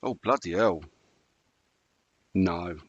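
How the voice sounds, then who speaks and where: A man's voice: sits low, slow, dry recording, dull audio. A British man speaking as a guest on a podcast, modest and easygoing in casual chat.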